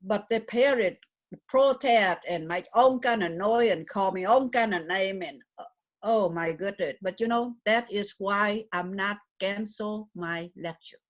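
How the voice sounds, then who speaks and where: A woman's voice: medium pitch, measured pace. An older woman from Vietnam with a Vietnamese accent and broken English, speaking earnestly and emphatically in an interview. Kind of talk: conversational interview.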